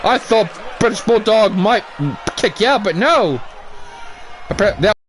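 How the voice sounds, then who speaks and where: A man giving casual play-by-play commentary on a wrestling video game, shouting at big moves and swearing now and then. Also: high-pitched, lively intonation, measured pace, slight background noise. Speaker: YouTube gaming commentator.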